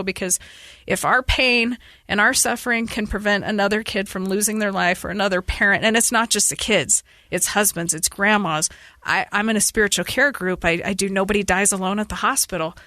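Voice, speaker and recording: Bright, earnest woman pouring out her story. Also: medium pitch, no echo. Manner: earnest, fast-flowing storytelling with pleading urgency. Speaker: podcast guest. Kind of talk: emotional personal interview.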